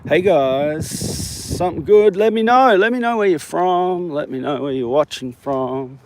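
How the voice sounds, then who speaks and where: Aussie guy live vlogging on a walk, slow jokey rambling, cars faint in the background. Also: on the high side, darkish tone, slight background noise. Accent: Australian. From Australia. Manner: rambling, jokey, talks to viewers.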